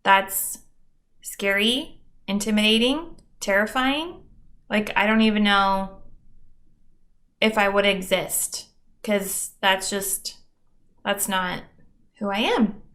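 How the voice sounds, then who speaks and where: A woman's voice: mid-range voice, slow pace, pauses often, fairly bright tone. A young adult woman hosting a podcast, talking candidly and mocking herself, with dramatic asides and plenty of swearing. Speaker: podcast host. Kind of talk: candid solo monologue.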